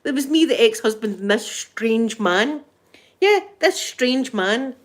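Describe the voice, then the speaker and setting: A woman's voice: on the high side, lively intonation, takes it slowly. A middle-aged woman with a Scottish accent, chatting casually with viewers and telling a story, often laughing as she talks. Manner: chatty, laughing storyteller, talking to live chat. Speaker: ASMR streamer chatting with viewers. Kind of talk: casual chat.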